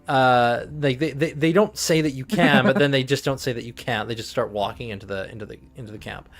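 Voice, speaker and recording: A game master narrating a tabletop game on a live stream, playful and quick to swear and laugh. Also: mid-range voice, faint music behind.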